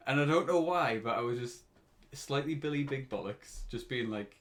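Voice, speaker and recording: A man's voice: mid-range voice, expressive, moderate pace, fairly bright tone. A British man in his twenties telling a story on a casual podcast, often breaking into laughter. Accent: British English. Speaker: podcast co-host.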